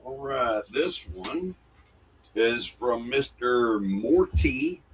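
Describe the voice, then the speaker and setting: A man's voice: medium pitch, expressive, extremely slow, husky, rough recording. A man, co-hosting a casual podcast and reading fan mail in a folksy, jokey way. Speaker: co-host.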